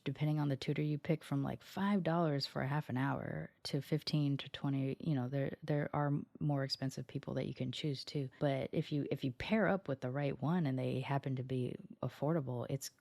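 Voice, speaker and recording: Solo podcast host, scratchy morning voice, mid pitch, chatty and meandering, dry close sound. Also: gravelly, darkish tone, no room sound. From United States. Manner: chatty and meandering, often circling back mid-sentence. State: scratchy voice from just waking up. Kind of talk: casual solo podcast monologue.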